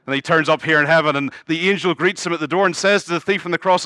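Bright-voiced man preaching a sermon. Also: on the high side, fast, dry recording, clean studio sound. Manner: earnest preaching with humorous asides. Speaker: pastor.

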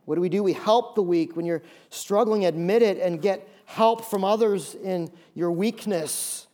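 Male pastor with a high-pitched voice, preaching with lively acted asides and repeated phrases. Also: normal speed. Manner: animated, acts out voices of listeners; repeats key phrases for emphasis. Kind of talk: sermon.

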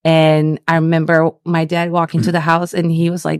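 A young woman from Brazil who grew up speaking Portuguese tells a story in a relaxed interview. Her voice sits a little low and she keeps it lively and animated. The sound is close and dry. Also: normal speed, clean tone, dry recording. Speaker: Portuguese school director.

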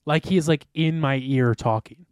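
A man's voice: on the high side, measured pace, a little mellow, clear, resonant tone, dry recording, clean studio sound. A young man co-hosting a podcast, telling a casual, rambling story full of "like" and swearing. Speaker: podcast co-host.

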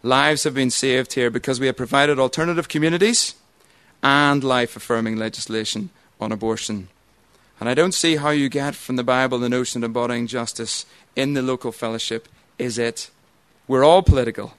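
A man and church member giving a formal debate speech, measured and argumentative. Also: mid-range voice, a bit bright, smooth, no echo.

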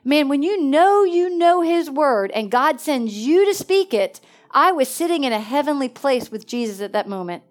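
This is a woman preacher whose voice sits a little high. She tells stories from the pulpit with lots of animation. She lifts into excited exclamations, then drops to a near hush to make a point. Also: normal speed. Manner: animated, swings between excited exclamations and hushed asides. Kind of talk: storytelling sermon.

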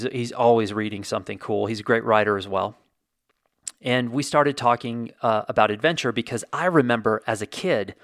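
A man with a gravelly, fry-tinged voice tells casual stories to the camera. He is chatty and jokey, slipping into acted-out quotes. The sound is dry and close. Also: mid-range voice, fairly bright tone, dry recording. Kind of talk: casual storytelling monologue.

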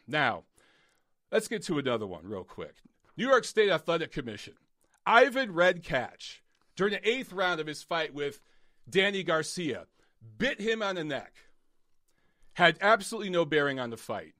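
Male live-stream boxing host, forceful and blunt, voice wearing thin, recorded in a padded home studio. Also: a little high, big pitch swings, normal speed, dry recording. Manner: blunt, emphatic, profane ranting. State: losing his voice.

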